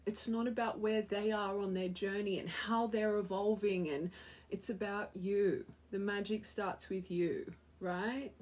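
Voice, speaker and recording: A young woman with a husky, slightly breathy voice gives a heartfelt tarot reading to her viewers. She talks earnestly and with feeling, repeating key phrases to drive them home. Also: medium pitch, fairly even intonation, unhurried, darkish tone. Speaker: tarot reader.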